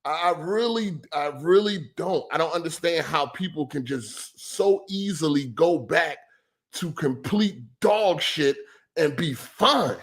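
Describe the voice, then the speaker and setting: A middle-aged male podcast host with a fairly bright voice on the high side rants in a heated, profane, repetitive way, clearly exasperated.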